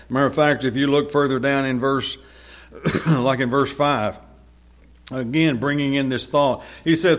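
A man preaching a sermon, reading scripture aloud with rising force and then explaining it conversationally. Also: mid-range voice.

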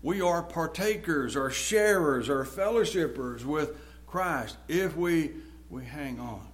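Male preacher, slightly high voice, sermon delivery, reads verses forcefully then explains plainly. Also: expressive, slow pace, breathy edge. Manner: reads scripture aloud with rising force, then explains it conversationally.

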